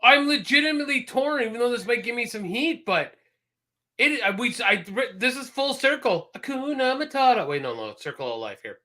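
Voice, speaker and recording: A man co-hosting a podcast in casual chat, animated and laughing often, slipping into quoted voices. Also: extremely high pitch, a little fast. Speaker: podcast co-host.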